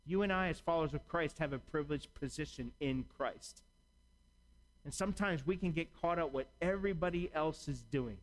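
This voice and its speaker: A man's voice: a little high, moderate pace, low-quality recording. A man preaching a sermon in a conversational way, acting out imagined dialogue as he talks. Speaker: pastor.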